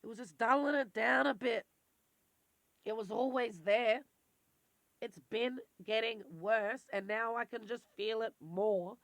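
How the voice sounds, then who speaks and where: A woman's voice: mid-range voice, no room sound. A woman talking in a raw, emotional confessional vlog and swearing freely. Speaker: vlogger.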